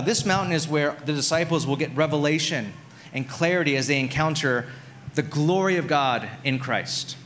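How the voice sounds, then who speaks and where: Higher-voiced man preaching casually. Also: a bit bright. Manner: conversational preaching, frequent "like" and restarts. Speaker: pastor. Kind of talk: sermon.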